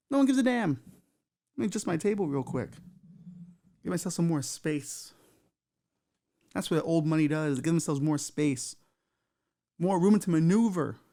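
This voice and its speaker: Gravelly-voiced man riffing on a podcast. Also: a little high, dark tone. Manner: loose, profane, riffing with asides. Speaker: podcast host. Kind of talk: comedic monologue.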